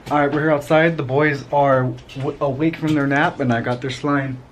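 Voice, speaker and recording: A young father and vlogger chats casually with a handheld compact camera for his home vlog, filmed both at home and in a car. His fairly high voice holds a fairly even intonation at a normal speed as he speaks directly to the lens. Background noise, including a vehicle hum, runs through the recording.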